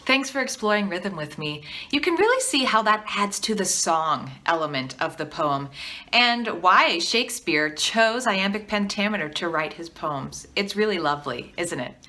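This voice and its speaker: At an ordinary pace, a woman teaching artist leads a video lesson in a medium-pitched, expressive voice that sounds pushed and bright. She stays encouraging, questions the viewer, and gets them to repeat after her.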